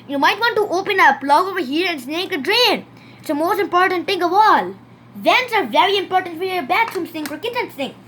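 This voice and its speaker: A woman's voice: very high-pitched, lively intonation, fairly quick, fairly bright tone, a little hiss or hum. A woman with a Canadian accent, giving a casual hands-on demonstration and pointing things out over and over with loose, repetitive phrasing. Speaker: home-made plumbing video presenter.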